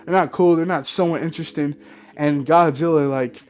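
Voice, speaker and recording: A man's voice: fairly high pitch, fairly even intonation, fairly quick, a little mellow. A man ranting in a movie review vlog, profane and exasperated, often mimicking lines in mock quotes.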